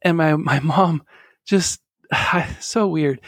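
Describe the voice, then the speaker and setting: A middle-aged man, a guest on an interview, telling a personal story in an earnest, halting way with soft laughs. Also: on the high side, no echo, studio quality.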